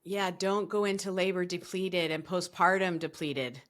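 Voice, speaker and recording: Woman podcast host, low voice, agreeable interjections and questions. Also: fairly even intonation, normal speed. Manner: agreeable, short affirmations and questions.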